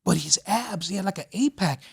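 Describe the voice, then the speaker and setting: A man's voice: sits high, lively intonation, a little fast, gravelly, husky. A man hosting a podcast, telling long rambling stories in casual chat and filling them with "you know" and "whatever". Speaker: podcast host.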